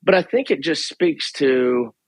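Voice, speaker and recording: A man's voice: a little high, unhurried, no room sound, rough recording. A middle-aged man, a therapist guest on a podcast, chatting casually and telling stories with quoted asides. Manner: animated, laughing, storytelling with quoted asides.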